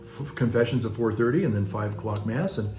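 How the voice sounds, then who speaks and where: A man's voice: fairly low pitch, a little fast, mellow. A man, a parish priest, telling stories in a casual, rambling way with many restarts and asides. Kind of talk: casual reflective monologue. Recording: roomy echo with faint music.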